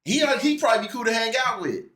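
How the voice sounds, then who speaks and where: Bright-voiced animated man in casual chat. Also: very high voice, racing. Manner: animated, restarts and repeats words, mimics voices. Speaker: podcast host.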